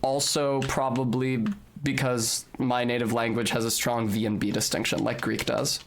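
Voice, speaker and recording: A man's voice: mid-range voice, little pitch movement, normal speed, creaky, slight background noise. A young man streaming a game, chatting casually and explaining at length, with the odd swear. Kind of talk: live game stream chat.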